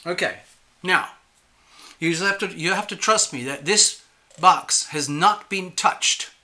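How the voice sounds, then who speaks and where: A man's voice: high-pitched, a little slow, pushed and bright. A man hosting a tarot channel, chatting casually and playfully to viewers while admitting he feels nervous. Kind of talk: casual solo livestream talk.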